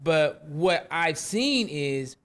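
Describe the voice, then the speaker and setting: A man's voice: on the high side, expressive, extremely slow, a bit bright. A man hosting a podcast in casual chat, talking with frequent fillers and restarts. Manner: hesitant, many fillers and restarts. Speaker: podcast host. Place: rooftop venue.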